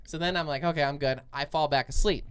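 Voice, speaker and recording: A man's voice: fairly high pitch, steady tone, fast talker, fairly bright tone, a little hiss or hum. A young man co-hosting a podcast, telling a long dream story in casual chat, full of fillers and restarts. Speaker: podcast co-host.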